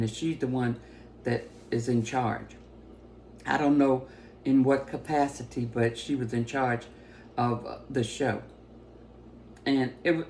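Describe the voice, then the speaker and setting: A woman giving a personal testimony as a story, talking with excitement and breaking into laughter often. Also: a bass voice, slight background noise.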